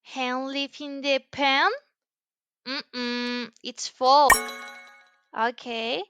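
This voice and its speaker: Slow, high, bright-voiced woman teaching children. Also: no room sound. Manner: slow, exaggerated and encouraging, with repeated praise. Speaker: English teacher for young learners. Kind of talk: slow, sing-song classroom lesson for children.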